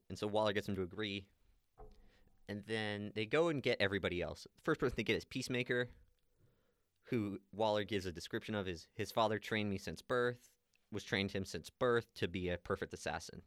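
A man's voice: lowish voice, normal speed, no echo, studio quality. A man chatting casually as a podcast co-host, retelling movie scenes and quoting the characters. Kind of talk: casual chat recapping a movie.

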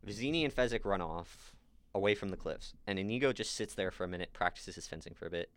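A man's voice: deep voice, no room sound. A man co-hosting a podcast, casually recapping a movie scene by scene and quoting the characters. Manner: animated retelling, quick quoted asides. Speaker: podcast co-host.

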